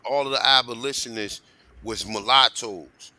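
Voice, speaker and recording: A man with a New Jersey accent talks in a loose, streetwise way on a livestream, checking in with his listeners as he goes. His voice is bright and forceful at a middle pitch, and the sound is dry and close. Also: moderate pace, no room sound, poor audio. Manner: streetwise, says "you know what I'm saying" a lot. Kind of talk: casual livestream talk.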